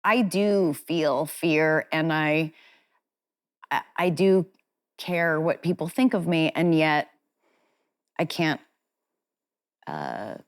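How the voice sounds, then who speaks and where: A woman guest speaks candidly, sharing personal stories in a loose, chatty interview manner. Her voice sits on the low side for a woman, and her delivery is frank and self-deprecating. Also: sing-song, slow, long pauses. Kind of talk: candid conversational storytelling.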